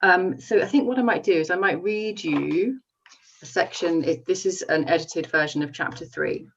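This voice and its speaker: A woman's voice: lowish voice, normal speed, gravelly, a little hiss or hum. A woman novelist on a literary panel, speaking thoughtfully with many ums and restarts, then reading from her book. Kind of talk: book talk and reading aloud. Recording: muffled audio, distant mic.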